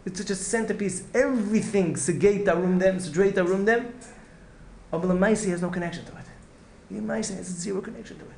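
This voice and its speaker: With a high-sitting voice, vocal fry, and a slightly mellow quality, a man lectures on Torah as a rabbi at a fairly quick clip. He's earnest and repetitive, restarting phrases and using Hebrew and Yiddish terms; slight background noise and faint ambience echo around the room.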